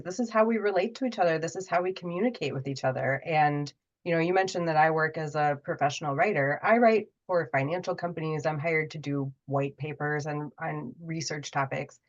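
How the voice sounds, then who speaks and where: Speaking at a moderate pace in a slightly low voice, a woman guest on a podcast relates a personal story in a relaxed, conversational way. She livens up when voicing the people in it, though the audio sounds dull and muffled.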